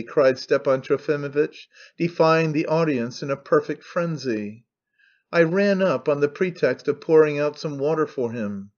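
A man narrating an audiobook in steady, measured storytelling. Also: fairly high pitch, lo-fi sound. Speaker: audiobook reader. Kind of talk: scripted narration.

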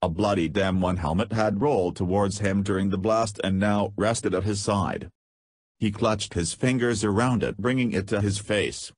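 A man's voice: lowish voice, normal speed, dry recording. A man narrating an audiobook, reading in a scripted way and voicing punctuation marks aloud.

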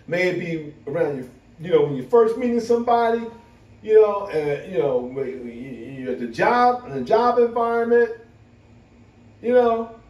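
A man chatting casually to camera as a vlogger, animated and laughing often. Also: high voice, dull audio. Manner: animated, laughing, full of "you know". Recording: roomy, from a distance.

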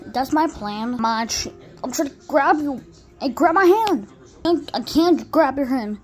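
Excitable young woman with a high, lively voice. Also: moderate pace. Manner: excitable, swings between whispers and yelps. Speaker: gaming video creator. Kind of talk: playful role-play commentary.

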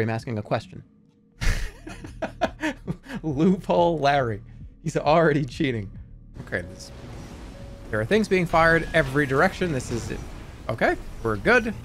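A man talks through a game on a live stream, his voice bouncing up and down as he mocks himself and shouts at what happens on screen. He sits a little high for a man. Soft music plays underneath. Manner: animated, self-mocking, quick to exclaim and laugh. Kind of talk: live gameplay commentary.

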